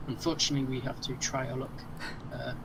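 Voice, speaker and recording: A man playing a tabletop game, answering hesitantly with many pauses. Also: mid-range voice, flat delivery, gravelly, a bit bright. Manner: hesitant, halting. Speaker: player. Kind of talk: casual tabletop play. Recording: noisy mic.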